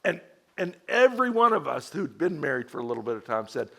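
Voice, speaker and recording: A middle-aged male pastor preaching to a men's group in a conversational, storytelling way, full of acted-out quotes and shifts in pitch and loudness. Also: sing-song, fast talker, creaky.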